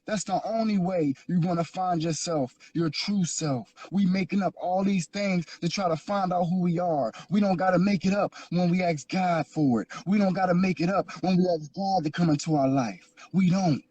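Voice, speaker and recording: A man's voice: high-pitched, moderate pace, few pauses, a little mellow, husky, no echo, highs cut off. A man from Philadelphia telling his life story as an interview guest, earnest and repetitive, building into preaching. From Philadelphia, USA. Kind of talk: emotional personal testimony.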